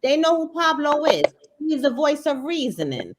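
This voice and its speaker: High-voiced emphatic woman from Brooklyn. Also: big pitch swings, moderate pace, noisy background. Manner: emphatic and repetitive, circles back on points. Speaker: co-host of a crypto live stream. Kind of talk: casual live-stream chat.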